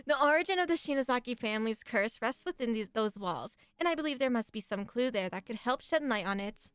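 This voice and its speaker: A woman's voice: fairly high pitch, lively intonation, brisk, a bit bright, smooth, no echo. A woman voicing a bossy teenage girl class rep with an occult streak, reading game dialogue aloud in a put-on Valley Girl voice. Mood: earnest.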